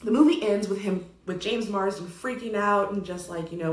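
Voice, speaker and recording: A woman's voice: mid-range voice, moderate pace, few pauses, roomy sound. A young woman giving a casual, profane film review and acting out the characters' lines. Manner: animated, profane, acts out characters.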